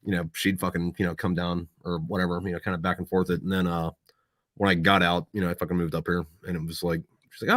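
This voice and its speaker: A man's voice: low-pitched, little pitch movement, fast, bright, forceful tone, dry recording, clean studio sound. A young man and former Marine chatting casually as a podcast guest, rambling and swearing freely. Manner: profane, rambling storyteller.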